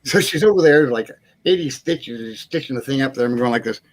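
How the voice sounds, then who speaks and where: A man's voice: mid-range voice, expressive, fairly quick. A man hosting a casual live chat show, telling a long rambling anecdote, chuckling and acting out what people said. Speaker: host.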